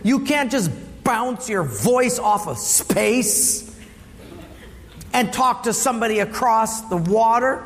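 A man's voice: very high-pitched, animated, slow, a bit bright, heavily acted. A man voicing a bewildered, incredulous time traveler from the 1800s who exclaims at modern things. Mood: exclaiming. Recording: long reverb of a hall.

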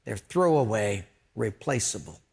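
A man's voice: on the low side, big pitch swings, a little slow, vocal fry, darkish tone. A man pastor preaching a sermon, storytelling with jokes and earnest emphasis.

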